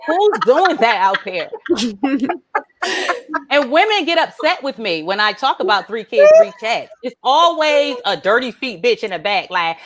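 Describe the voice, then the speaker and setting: A woman performs stand-up on a club stage, her voice high and swooping widely as she tells her jokes. She is brash and profane and keeps breaking into laughter at her own lines. The sound comes through a handheld stage mic. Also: very animated, normal speed, long pauses. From Atlanta, Georgia. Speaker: stand-up comedian. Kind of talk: stand-up comedy set.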